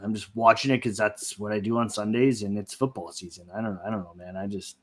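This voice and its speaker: A man with a fairly low voice chats on a casual podcast. He sounds laid-back, restarts his sentences and lets them trail off. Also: steady tone, brisk, crowd noise. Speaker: podcast co-host.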